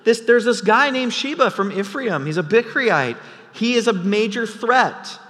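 Blunt ruthless army general, put on by a male preacher, brusque, offhand, somewhat high voice, echoing hall. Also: animated, measured pace, a bit bright.

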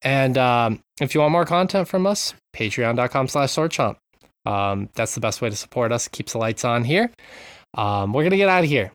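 A man's voice: medium pitch, expressive, normal speed, clear, resonant tone, dry recording. Man hosting a casual gaming podcast. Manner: joking, reads sponsor thanks with mock sincerity. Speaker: podcast host.

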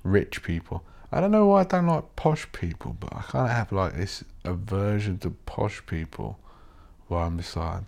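Low-voiced man ranting casually. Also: animated, normal speed, vocal fry, darkish tone. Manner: swears a lot, rants and mocks posh voices. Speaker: podcast host. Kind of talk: rambling solo podcast monologue.

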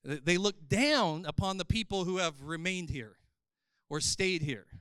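A man preaching an animated sermon in a church service, building to loud, emphatic passages. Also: high-pitched, a little slow, clean tone, no room sound, clean studio sound. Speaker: pastor.

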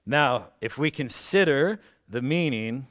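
A man preaching a sermon as pastor, slowing down and swelling loud on key points, with self-mocking asides and light laughs. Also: mid-range voice, expressive. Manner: slows down for emphasis and rises loudly on key points.

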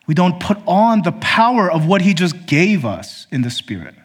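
A man preaching a sermon to his congregation, emphatic and direct, calling them brothers and sisters, swinging from high pointed questions down to low, quiet statements. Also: very animated, normal speed, breathy edge. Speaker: pastor.

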